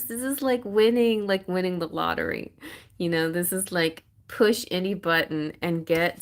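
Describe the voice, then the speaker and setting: A woman reads tarot on a live stream, chatting and encouraging at a mid-range pitch. She talks casually and laughs easily, with faint noise behind her. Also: animated, moderate pace. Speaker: tarot reader.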